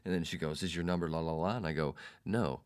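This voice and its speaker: Low-voiced man telling a story. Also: quick pace, smooth. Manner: animated, mimics others in quoted lines. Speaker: podcast host. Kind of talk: casual storytelling.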